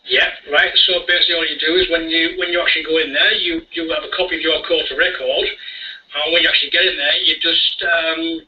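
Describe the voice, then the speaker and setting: A man's voice: fairly high pitch, flat delivery, fast talker. A man telling his story in casual chat, rambling, repeating words and chuckling now and then. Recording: dull distant radio audio.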